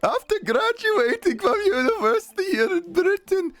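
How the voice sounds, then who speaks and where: A shrill, overexcited scientist in a squeaky falsetto, his voice leaping wildly up and down. He sounds manic and boastful, reading lines from a courtroom game. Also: very animated, moderate pace, vocal fry, dry recording, exaggerated voice. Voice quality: squeaky high-pitched put-on voice. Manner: shouting triumphantly, overexcited. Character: excitable eccentric male scientist, shrill and manic. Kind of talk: reading a game's dialogue aloud on a livestream.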